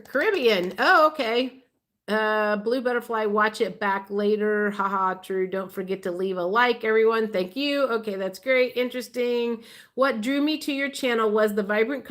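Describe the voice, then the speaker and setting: A woman's voice: a little high, fairly bright tone. A woman hosting a casual tarot livestream, chatting and reading viewer comments aloud, laughing often.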